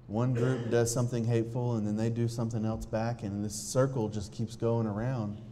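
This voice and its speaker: A man telling a personal testimony to a live audience in an earnest, halting way, often restarting his sentences. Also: mid-range voice, flat delivery, mellow, a little hiss or hum. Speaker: speaker sharing a personal testimony.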